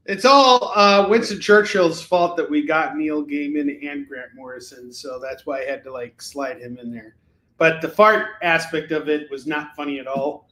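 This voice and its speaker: Speaking at normal speed in a bright, forceful voice on the high side, a man runs a live stream selling comic books from a room at home. He rambles and jokes casually, using lots of fillers. The recording picks up echo from the room and a little hiss or hum.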